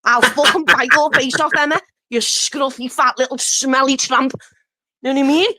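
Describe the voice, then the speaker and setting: A woman's voice: sits high, steady tone, moderate pace, sharp tone, a little hiss or hum. A woman with a Scouse accent calling into a livestream, hurling abusive insults and threats. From Liverpool. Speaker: caller. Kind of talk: angry livestream call-in.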